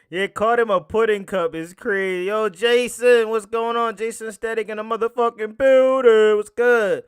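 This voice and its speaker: A man's voice: high-pitched, smooth, no room sound, clean studio sound. A man streaming live, reacting casually to a clip and greeting his chat by name. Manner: laid-back, greets chat by name, laughs along.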